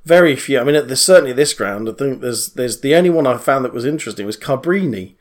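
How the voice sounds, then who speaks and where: A man's voice: mid-range voice, lively intonation, fast talker. A man co-hosting a podcast in casual chat, rambling with many fillers and restarts and laughing at his own jokes. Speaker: podcast co-host.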